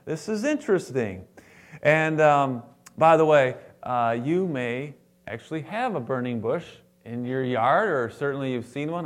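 A man preaching a sermon as a pastor to his congregation, animated and playful, acting out the lines he quotes. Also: medium pitch.

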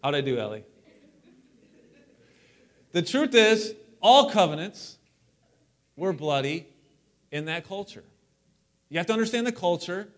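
A male pastor preaching a sermon in a church, animated and lively, breaking up the teaching with joking asides. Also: sits high, unhurried, long pauses. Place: church sanctuary.

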